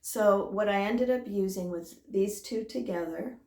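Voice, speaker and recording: A woman hosting a knitting vlog, talking casually and hesitantly with many pauses and fillers. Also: mid-range voice, echoey room. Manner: hesitant, many "um"s, warm and chatty. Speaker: knitting podcast host. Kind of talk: casual chat to camera.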